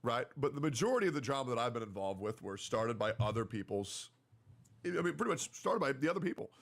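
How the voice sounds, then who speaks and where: A man ranting heatedly about online drama, mocking others and sometimes shouting. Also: mid-range voice, sing-song, quick pace. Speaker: streamer.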